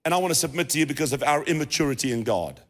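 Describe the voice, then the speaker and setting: Talking very fast in a slightly high, expressive voice, a South African pastor preaches conversationally, circling back with repeated phrases and restarts. The recording carries the long reverb of a church hall.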